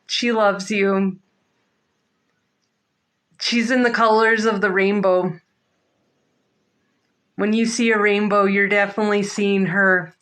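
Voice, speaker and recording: Slow, emotional woman reading tarot. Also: mid-range voice, steady tone, a bit bright, low-quality recording. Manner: slow, emotional, halting with many fillers. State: near tears. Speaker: psychic reader. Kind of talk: live-streamed tarot reading.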